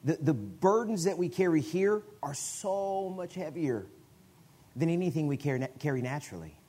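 A man preaching a sermon in a conversational way, often restarting his phrases and breaking into sudden loud bursts. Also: on the high side, expressive, normal speed, breathy edge. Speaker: guest preacher.

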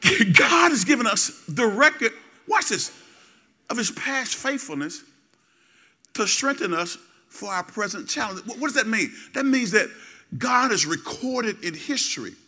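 A middle-aged male pastor delivers a sermon in a high, piercingly bright voice. He leans on repetition and call-and-response, dropping low for asides and then rising into loud exhortation. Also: big pitch swings, a little slow.

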